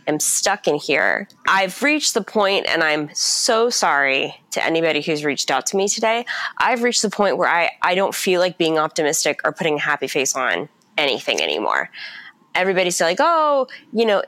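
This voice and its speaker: A woman's voice: fairly low pitch, fairly bright tone. A woman in her thirties, a teacher, venting with lots of swearing on a casual podcast while she is sick and exhausted. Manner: profane, angry venting.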